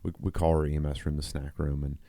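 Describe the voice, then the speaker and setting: A man's voice: rumbling low, flat delivery, fast talker, dark tone, no echo, studio quality. A middle-aged man, a nurse who co-hosts a podcast, telling a long story in casual chat, rambling with restarts and quoted dialogue. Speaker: podcast co-host.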